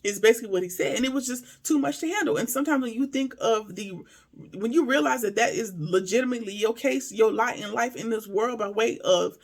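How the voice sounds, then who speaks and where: Gravelly, emphatic TV episode reviewer. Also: mid-range voice, a little fast. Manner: emphatic, speaks straight to viewers with rhetorical questions. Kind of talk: casual episode recap and commentary.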